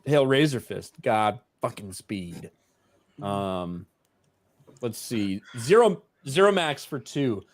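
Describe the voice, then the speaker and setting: Lively man reading viewer donations. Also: medium pitch, takes it slowly. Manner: joking, reads viewer messages aloud. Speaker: podcast co-host reading donations. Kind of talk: casual crude chat.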